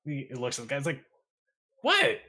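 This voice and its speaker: A man playing a tabletop role-play who keeps saying 'like' and leaps up in pitch when he speaks as his character. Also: a little slow. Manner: lively, peppered with 'like', jumps high for character lines. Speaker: player.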